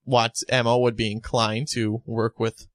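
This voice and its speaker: A man's voice: mid-range voice, flat delivery, unhurried, no echo, studio quality. A man co-hosting a casual chat, relaying film news with chatty asides.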